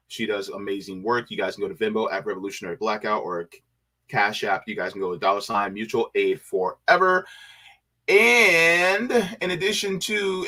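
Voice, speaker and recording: A man hosting a livestream, thanking viewers by name and getting excited and emotional. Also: lowish voice. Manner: excited, emotional, shouting for joy. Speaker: livestream host. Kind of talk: casual livestream sign-off.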